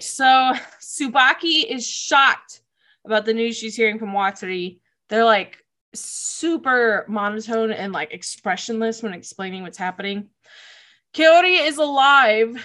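A woman's voice: a little high, a bit bright. A woman casually recapping episodes of a show, emotional and gushing, laughing often and saying "like" a lot.

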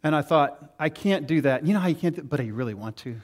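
A middle-aged pastor preaches a sermon at a normal speed, his voice on the high side for a man. He tells stories with animation, acting out the voices of the people he quotes.

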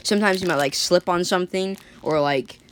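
A woman's voice: lowish voice, a little fast. A woman telling an improvised story in a rambling way, full of likes and restarts. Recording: faint background noise.

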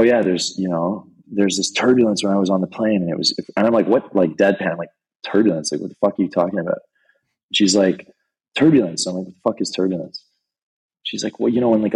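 A man's voice: deep voice, brisk, slightly rough, poor audio. A man guesting on a podcast, telling long rambling stories in a laid-back way with lots of "like"s. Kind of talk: casual storytelling.

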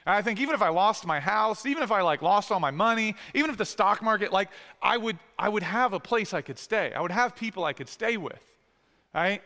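A man's voice: high voice, animated, fairly quick, bright, forceful tone, long reverb tail. A man preaching a sermon, earnest and pleading, asking the congregation direct questions.

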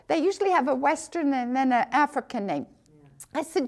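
A middle-aged woman telling a personal missionary story, acting out the dialogue with big jumps in pitch. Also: fast, a little mellow.

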